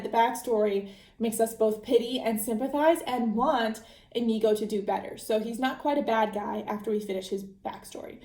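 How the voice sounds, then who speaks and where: A woman hosts a podcast and retells a book casually, rambling and correcting herself as she goes. Her voice sits fairly high with a mellow, soft tone. The recording sounds roomy and echoey. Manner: chatty, rambling, self-correcting with fillers. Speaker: podcast host. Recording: echoey room.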